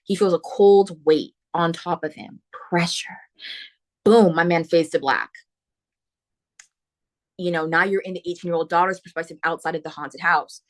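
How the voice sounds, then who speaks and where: A woman hosting a book podcast, retelling a horror novel's plot in a casual, animated way with slangy asides. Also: on the low side, moderate pace, pauses often. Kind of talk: casual spoiler book talk.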